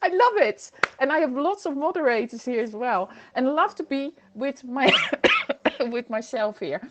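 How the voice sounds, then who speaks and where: Chatty high-voiced woman streamer. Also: unhurried, muffled recording, background noise. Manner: chatty, reads viewer comments aloud, laughs often. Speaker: livestream host. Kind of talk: casual livestream chat. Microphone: computer microphone.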